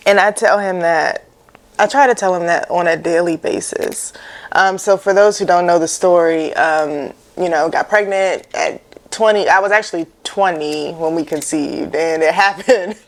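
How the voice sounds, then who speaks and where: Woman in her 30s telling her story, kinda low voice, lots of "you know", gets lively quoting herself. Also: normal speed. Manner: reflective, animated when quoting herself, many "you know" fillers. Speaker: guest. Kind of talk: candid personal storytelling.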